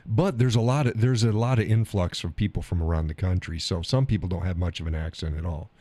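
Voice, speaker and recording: A man's voice: deep voice, fast, dark tone, dry recording. A man hosting a live stream, chatting casually about viewer comments, rambling, repeating himself and chuckling often.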